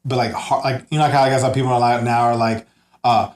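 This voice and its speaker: A man's voice: medium pitch, fairly even intonation, fast, reverberant. A man co-hosting a podcast, loose and joking, full of slang and acted-out voices. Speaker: podcast co-host. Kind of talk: casual comedic podcast banter.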